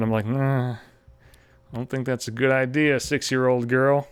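A man's voice: medium pitch, normal speed, clean tone. Profane, neurotic man telling a story. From Buffalo area, US. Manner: self-deprecating, heavy swearing, animated acted-out quotes. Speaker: stand-up comedian.

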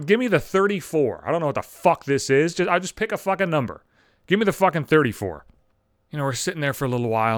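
A man hosting his own podcast, telling rambling comedic stories, profane and animated. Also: fairly high pitch, dry recording, studio quality. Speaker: podcast host. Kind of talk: comedic storytelling monologue.

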